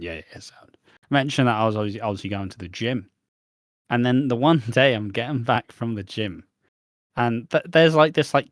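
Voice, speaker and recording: A man's voice: mid-range voice, a bit bright, no room sound, clean studio sound. Man telling a rambling story. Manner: rambling storyteller, acts out dialogue with restarts. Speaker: podcast co-host. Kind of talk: casual podcast chat.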